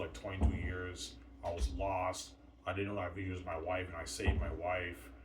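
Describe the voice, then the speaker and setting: A man rambling in a long monologue, repeatedly tacking "man" onto his sentences. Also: sits low. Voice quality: repetitive, trails off with "man". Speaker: vlogger. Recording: roomy, distant from mic, faint noise.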